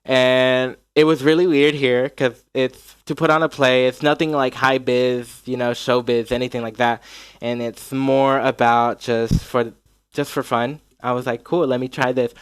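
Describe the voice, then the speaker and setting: A man's voice: mid-range voice, little pitch movement, unhurried, clear, resonant tone, dry recording. A man from North Carolina chatting casually, rambling with lots of likes and restarts. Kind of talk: casual podcast chat.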